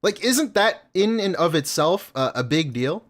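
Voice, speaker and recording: Lively, profane male streamer. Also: a little high, a little slow. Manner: loose, profane, laughing asides. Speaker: streamer reacting to videos. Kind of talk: casual reaction commentary.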